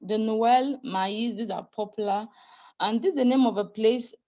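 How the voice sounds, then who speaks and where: A woman's voice: fairly high pitch, moderate pace, a little mellow, muffled recording. A woman teaching French pronunciation in an online class, patient and apologetic, often laughing and calling students dear.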